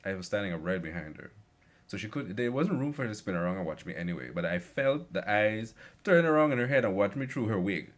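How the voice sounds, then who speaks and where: Animated low-voiced man telling a story. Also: quick pace. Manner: rambling, animated, lots of fillers. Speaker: vlogger. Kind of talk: casual storytelling.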